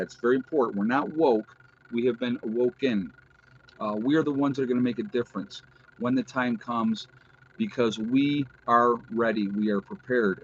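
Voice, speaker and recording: A man hosting a casual livestream, chatting with viewers and reading out their comments, with frequent pauses and fillers. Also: medium pitch, lo-fi sound. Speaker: livestream host.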